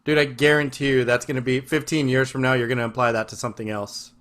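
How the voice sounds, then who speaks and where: A man's voice: mid-range voice, level tone, quick pace, a bit bright. A man from West Texas hosting a podcast over a video call, chatting casually with effusive, profane enthusiasm. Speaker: podcast host. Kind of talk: casual chat.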